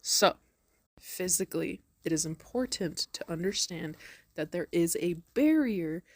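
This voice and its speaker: A woman's voice: fairly low pitch, animated, a little slow, darkish tone, dry recording. A young woman giving casual spiritual advice, chatty and earnest, who acts out inner voices with big swings in tone. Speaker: spiritual wellness vlogger.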